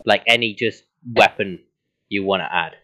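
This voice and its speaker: A man's voice: lowish voice, normal speed, bright, forceful tone, dry recording, clean studio sound. A young man hosting a casual podcast on a voice call, cracking jokes and dropping his voice for punchlines. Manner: jokey, drops his voice for punchlines. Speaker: podcast host. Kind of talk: casual chat.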